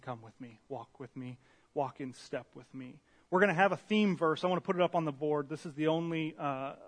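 Brief: higher-pitched male preacher, animated storyteller, pokes fun at himself. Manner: animated, self-deprecating storyteller. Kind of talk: storytelling sermon. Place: church meeting room with a slide screen.

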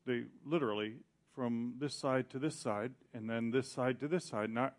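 A middle-aged male pastor preaching a sermon in an animated way, acting out quoted voices. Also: medium pitch, moderate pace.

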